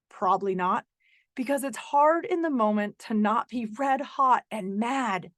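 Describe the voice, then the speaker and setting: A woman's voice: a little high, expressive, measured pace, no echo. Earnest middle-aged woman podcaster, dry sound. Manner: earnest, sarcastic in places. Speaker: podcast host. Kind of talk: personal storytelling monologue.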